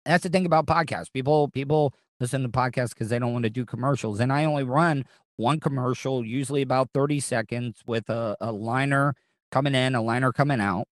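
A man hosting a podcast in loose, casual chat. He rambles and keeps restarting his sentences, and he swears freely. His voice sits at a middling pitch and sounds close and dry. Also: brisk, dry recording. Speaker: podcast host.

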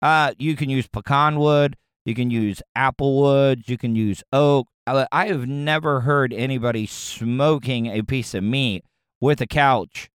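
A man's voice: medium pitch, unhurried, clear, resonant tone, no echo, clean studio sound. A man hosting a radio show, riffing on a news story with crude, rambling jokes and frequent restarts. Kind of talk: casual comedic commentary.

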